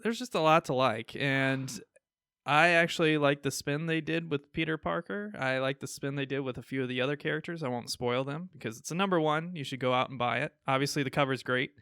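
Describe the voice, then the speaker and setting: A man's voice: medium pitch, steady tone, a little fast, a bit bright, clear, resonant tone, dry recording, clean studio sound. A man with a Midwestern accent, co-hosting a podcast and chatting casually in an enthusiastic way, chuckling as he gives his opinions. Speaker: podcast co-host. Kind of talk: casual chat reviewing comics.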